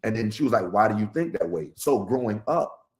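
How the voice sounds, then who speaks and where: A middle-aged man telling stories in a casual podcast chat, his pitch jumping high on the punchlines. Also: animated, fairly quick, creaky, a little mellow. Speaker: podcast guest.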